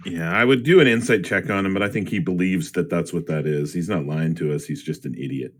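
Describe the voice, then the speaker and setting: A man's voice: sits low, fairly quick. A man playing a tabletop game, speaking hesitantly and repeating words as he searches for them. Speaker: player. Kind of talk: tabletop role-play chat.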